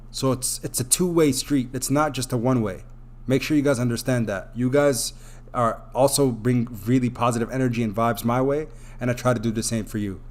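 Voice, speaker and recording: A male livestream host reads out super chats and thanks each viewer again and again. His voice sits at an ordinary middle pitch. He sounds effusive and openly emotional. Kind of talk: live stream chat, reading super chats.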